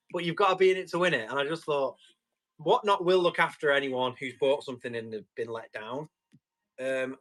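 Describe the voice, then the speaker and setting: A man with a slightly high-pitched voice hosts a live tool auction. He talks in a chatty, jokey salesman patter, reading out bids and bantering with viewers. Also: bright, forceful tone.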